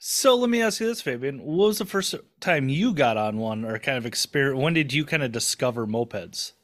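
A man's voice: mid-range voice, expressive, brisk, fairly bright tone. A man in his forties, hosting a casual podcast, rambling and self-deprecating and swearing casually. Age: 40s. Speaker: podcast host.

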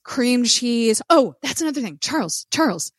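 A woman co-hosting a podcast, telling a story in animated casual chat, cursing freely and acting out what people said. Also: fairly high pitch, moderate pace, slightly rough, no echo, clean studio sound. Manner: animated storyteller who swears and acts out quotes. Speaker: podcast co-host.

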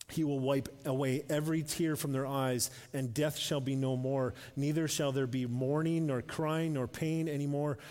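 A male pastor preaching a sermon. He grows emphatic and louder when reading scripture and drops softly for asides. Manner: drops to a soft, low voice for asides. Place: church sanctuary. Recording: reverberant church hall.

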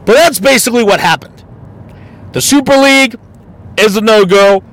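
A man's voice: high-pitched, normal speed, a bit bright. A man hosting a casual solo podcast, ranting bluntly and mockingly with plenty of swearing. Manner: mocking and exasperated. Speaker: podcast host.

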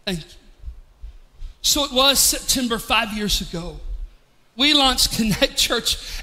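High, bright-voiced emotional pastor. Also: male voice, lively intonation, takes it slowly, pauses often, long reverb tail. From East Tennessee, US. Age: 40s. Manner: emotional, heartfelt, with frequent restarts. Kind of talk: sermon. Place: large church hall.

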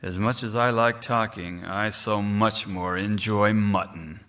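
A man's voice: on the low side, steady tone, measured pace, a bit bright, long reverb tail. A man voicing a sly male fox in a rhyming storybook, cool and taunting in manner. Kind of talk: storybook character voice.

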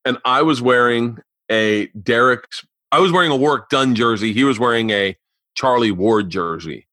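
A man telling wild stories as a comedian guest in a casual remote chat, animated and swearing freely. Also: medium pitch, moderate pace, dry recording. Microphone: remote call recording.

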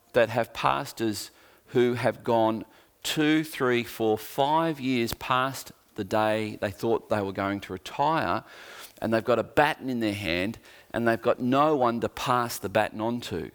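A man's voice: medium pitch, a little slow, clean tone. Australian man preaching a sermon. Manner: conversational, earnest, with joking asides. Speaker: pastor.

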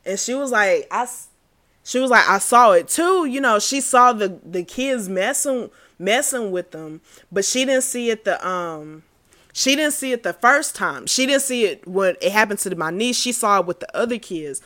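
A woman's voice: mid-range voice, lively intonation, moderate pace, fairly bright tone. A woman telling a personal story in a casual, profane and heated rant. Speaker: storyteller recounting a personal incident.

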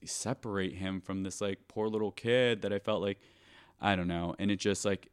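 Young male podcast host, deep and smooth, loose chatty delivery full of fillers and restarts. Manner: chatty, heavy use of filler "like", frequent restarts. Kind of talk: casual storytelling monologue.

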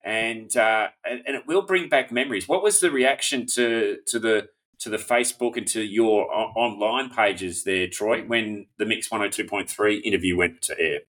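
Male host asking relaxed questions. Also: lowish voice, moderate pace, hardly any pauses. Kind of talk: casual interview chat.

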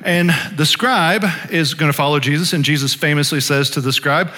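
A male pastor preaches in a loose, conversational way, dotting his talk with fillers. His voice is bright and a little high, and it rings out with a long hall reverb in a church sanctuary. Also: normal speed. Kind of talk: sermon.

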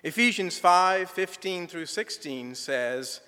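A middle-aged man, telling a folksy church testimony with gentle humor. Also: fairly high pitch, sing-song, a little slow. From southern United States. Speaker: church member giving a testimony. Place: church sanctuary. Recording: reverberant church sanctuary.

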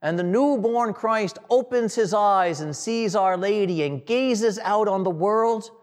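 A man preaching a sermon in a slow, dramatic way, with long pauses and phrases that fall away at the end. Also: high voice. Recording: long hall reverb.

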